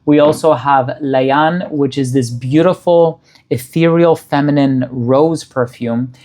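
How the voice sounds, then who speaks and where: A man reviewing a fragrance in a casual product-review style, describing scent notes in a measured, appreciative way. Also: medium pitch, darkish tone.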